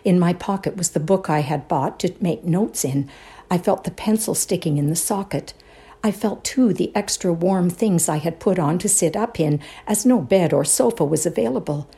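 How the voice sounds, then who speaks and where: A woman performing a dramatic reading of a ghost story, hushed and suspenseful, often dropping to a whisper. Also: lowish voice, moderate pace. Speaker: reader in a readers' theatre show.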